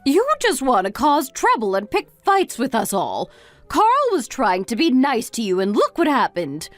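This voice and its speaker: Woman voicing a weary mother, reproachful, lecturing, animated pitch, soft music behind. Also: a little slow, heavily acted. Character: weary middle-aged mother scolding her grown son. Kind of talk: story narration dialogue.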